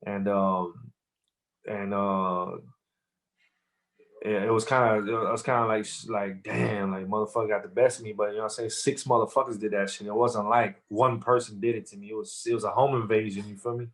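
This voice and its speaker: A man's voice: fairly low pitch, fairly even intonation, normal speed, fairly bright tone. Guy on a podcast rambling thru a story, tons of slang and fillers. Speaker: rapper guest. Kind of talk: casual interview storytelling.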